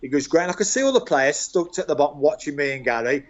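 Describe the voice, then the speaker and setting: Speaking fast in a slightly high voice, this older Birmingham-accented guest, a former club staff member, shares football dressing-room stories in an interview. He tells them with animation, chuckling throughout and calling everyone "mate," and the call audio is dull and lo-fi.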